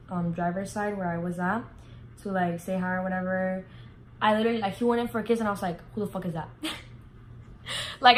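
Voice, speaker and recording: A woman's voice: mid-range voice, a little hiss or hum, poor audio. A young woman vlogger telling a casual storytime, full of fillers and swearing. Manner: animated, heavy filler words, swears freely.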